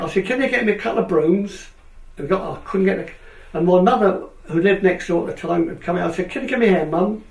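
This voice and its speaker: High-sitting and edged with vocal fry, this older man's voice carries a long anecdote from his days as an English speedway rider. He voices the other characters himself with animated flair, heard from afar in an echoey room.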